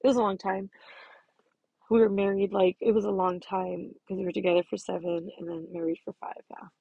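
A woman's voice: medium pitch, a little fast, gravelly, husky, no room sound, lo-fi sound. A woman in her thirties talking through a personal reflection, earnest and self-affirming, stressing her words by repeating them. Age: 30s. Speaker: podcast host.

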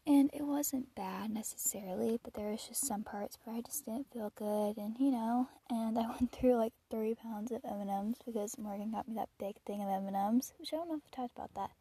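A teenage girl rambles casually through her week, a little out of breath, with fillers and small laughs. Her voice sits fairly high but sounds mellow and slightly husky. The recording is dry and close. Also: normal speed, no echo. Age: teens. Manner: rambling, chatty, with frequent fillers and soft laughs. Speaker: podcast host. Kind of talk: casual personal chat.

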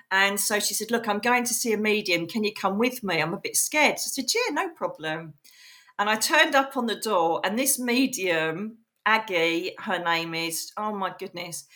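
Bright-voiced woman telling stories. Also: medium pitch. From England. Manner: animated, emphatic storyteller who acts out quoted voices. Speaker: podcast guest, psychic medium. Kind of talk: casual interview storytelling.

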